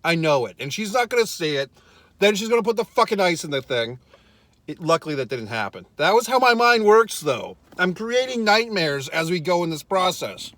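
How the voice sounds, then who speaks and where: In a high-pitched, sing-song voice that's a bit bright, a vlogger talks at normal speed with no echo. He's parked in his car giving an exasperated comic rant, swearing nonstop and laughing at himself through the profane storytelling.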